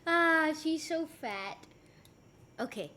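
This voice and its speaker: A woman's voice: high-pitched, expressive, slow pace, sharp tone. A woman live streamer at home, chatting casually, reading chat messages aloud and cooing at her pet. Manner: coos and teases her pet between comments.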